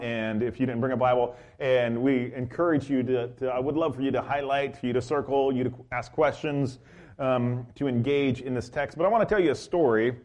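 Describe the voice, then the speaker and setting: A man's voice: medium pitch, a little mellow. Rambling male pastor telling a story. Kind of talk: sermon.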